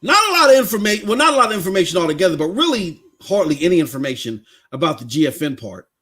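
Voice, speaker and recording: A man hosting a casual gaming podcast, talking in an excited, slangy way and reading news articles aloud with asides. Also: high-pitched, fast, husky. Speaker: podcast host.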